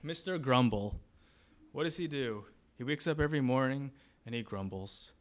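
A man's voice: mid-range voice, expressive, moderate pace. A man preaching a sermon as pastor, in a conversational way, asking the congregation questions and briefly acting out grumbling voices.

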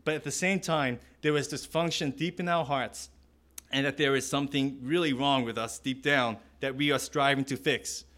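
Bright-voiced man telling a sermon story. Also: mid-range voice, fairly even intonation, normal speed. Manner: storytelling with many restarts and fillers; acts out other people's lines. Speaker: pastor.

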